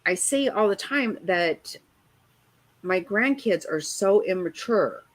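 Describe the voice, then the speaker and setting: A woman's voice: medium pitch, expressive, takes it slowly. Older woman co-host, candid and profane, voice swings up and down a lot. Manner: frank, profane storytelling. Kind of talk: casual chat.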